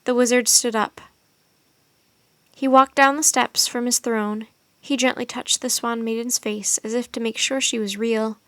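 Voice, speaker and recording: A woman reading a children's chapter book aloud as a storyteller, steady and expressive. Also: on the high side, unhurried, smooth, no echo.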